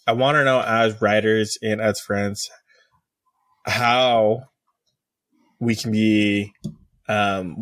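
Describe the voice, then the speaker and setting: A man's voice: lowish voice, fairly bright tone, no echo. A man co-hosting a podcast, asking thoughtful questions with some fillers. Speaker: podcast co-host. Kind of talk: casual podcast chat.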